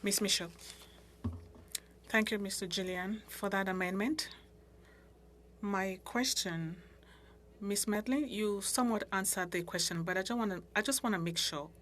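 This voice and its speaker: A woman working as a simultaneous interpreter in a committee meeting, speaking in a measured, halting way with restarts. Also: medium pitch, a bit bright, a little hiss or hum. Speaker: interpreter voicing committee members. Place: committee room.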